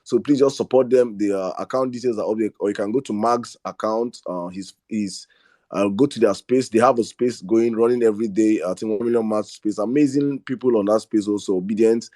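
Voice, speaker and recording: A man's voice: fairly low pitch, a little fast, warm tone, no room sound, studio quality. A man with a Nigerian accent hosting a live online audio space, speaking with passion, often repeating words and slipping into Pidgin. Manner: impassioned, repeats words and restarts; slips into Pidgin. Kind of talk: rallying live-stream talk.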